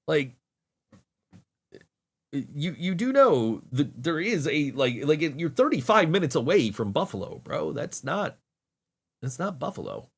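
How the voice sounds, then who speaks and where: Man ranting with a lively voice. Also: medium pitch. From Niagara Falls, New York. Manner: rambling, exasperated ranting with many fillers. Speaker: podcast host. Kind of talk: casual solo podcast chat.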